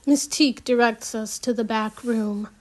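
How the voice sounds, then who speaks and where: Slow, unpolished woman reading a novel aloud. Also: on the high side, steady tone. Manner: reads with restarts and asides. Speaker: audiobook reader. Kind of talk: unpolished audiobook narration.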